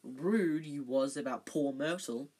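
A reader voicing a mischievous male poltergeist who teases slyly and then yells. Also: mid-range voice, unhurried, breathy edge.

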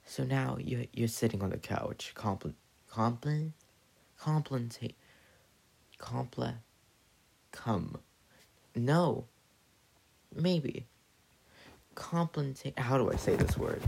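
Slow gravelly man rambling. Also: mid-range voice, expressive, darkish tone. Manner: rambling, stumbling, profane. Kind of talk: rambling comedic monologue.

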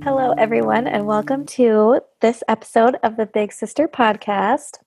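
A woman's voice: on the high side, steady tone, normal speed, vocal fry, darkish tone. A woman in her thirties hosting a podcast in casual chat, bubbly and laughing often. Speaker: podcast host.

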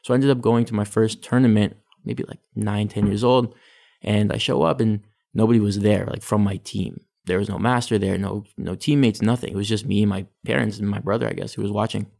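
A man's voice: lowish voice, steady tone, fairly quick, creaky, darkish tone. A young Canadian man, a guest telling his taekwondo backstory in a chatty, casual way, full of "like" and "you know". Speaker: guest, taekwondo athlete and sports psychology practitioner. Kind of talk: casual interview storytelling.

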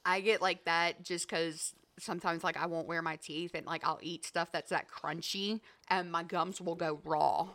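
A woman's voice: fairly low pitch, steady tone, moderate pace, hardly any pauses, fairly bright tone. A woman chatting casually as a guest, peppering her talk with "like". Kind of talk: casual chat.

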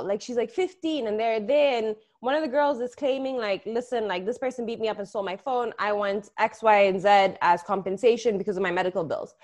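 A young woman co-hosting a podcast, telling stories in casual chat, swearing freely and laughing often. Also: on the high side. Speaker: podcast co-host.

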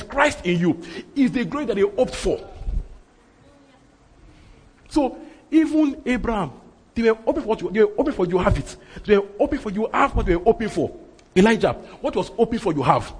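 A man's voice: on the high side, darkish tone, slightly rough. A man preaching a sermon, emphatic and repeating his phrases for effect. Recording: reverberant hall.

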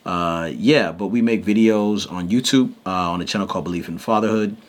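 Deep-voiced man hosting a casual chat. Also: a little fast. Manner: relaxed, loose, with many fillers. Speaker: podcast co-host.

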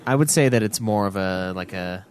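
A man's voice: lowish voice, normal speed, a little hiss or hum. A man co-hosting a casual gaming podcast, blunt and swearing freely as he banters. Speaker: podcast co-host.

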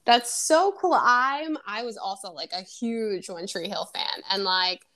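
A woman's voice: mid-range voice, animated, measured pace, pushed and bright. A young adult woman co-hosting a podcast, chatting casually and rambling, with lots of filler words. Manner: rambling, heavy use of "like". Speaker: podcast co-host. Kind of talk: casual chat.

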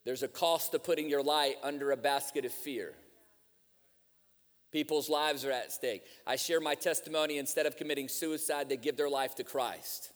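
In a church sanctuary's large hall, a guest preacher with a fairly high, steady-toned voice delivers a sermon at moderate pace. He tells stories, then exhorts his listeners with mounting fervor.

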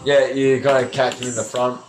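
Man, game master, halting narration, lots of fillers, echoey room, faint hiss. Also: mid-range voice, completely flat delivery.

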